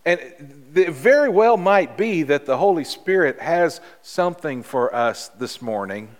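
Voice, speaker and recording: A man preaching a sermon as pastor, in a measured, earnest way with emphatic pauses. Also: on the high side, animated. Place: church sanctuary. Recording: long reverb of a large hall.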